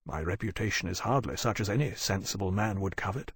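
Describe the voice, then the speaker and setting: A man's voice: deep voice, fast talker, husky, dry recording. An earnest officer full of self-doubt, voiced by a man reading aloud, formal and restrained in an audiobook. The sound is dry and close to the mic.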